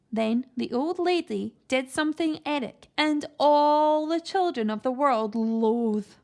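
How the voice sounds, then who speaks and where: A woman reading a children's book aloud with animated, expressive storytelling. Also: fairly high pitch, measured pace, hardly any pauses. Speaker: reader.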